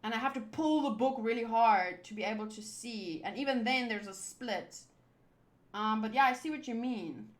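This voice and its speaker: A woman's voice: fairly high pitch, moderate pace. A woman chatting casually and rambling as she comments on a comic readthrough. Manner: rambling, chatty, many fillers. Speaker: YouTuber reading a comic aloud.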